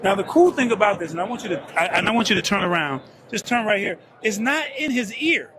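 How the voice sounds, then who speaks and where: A man's voice: high voice, expressive, fast. Hyped man at a noisy expo. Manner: enthusiastic, hyped-up. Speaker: tech show host. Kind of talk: casual on-the-floor product interview. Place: busy trade show floor. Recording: loud crowd chatter behind.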